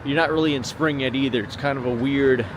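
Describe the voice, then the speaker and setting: Man, walking livestream host, rambling chat, outdoors at night, clear street noise. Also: medium pitch, steady tone, fast talker. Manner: rambling, chatting with viewers as he walks. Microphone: small handheld gimbal camera. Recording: street noise from passing traffic. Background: traffic and street ambience.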